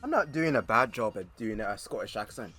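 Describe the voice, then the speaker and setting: Bright, blunt man ranting. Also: fairly low pitch, big pitch swings, brisk, soft background music. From United States. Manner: blunt, sarcastic, swears a lot, stammers into rants. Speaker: reaction commentator. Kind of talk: reaction commentary.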